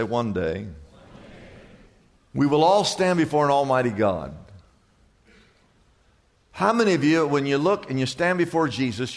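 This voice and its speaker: An older man preaching a sermon as pastor, building emphatic repeated phrases and telling stories in which he acts out both sides of a conversation. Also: mid-range voice. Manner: preaching with rising, emphatic repetition.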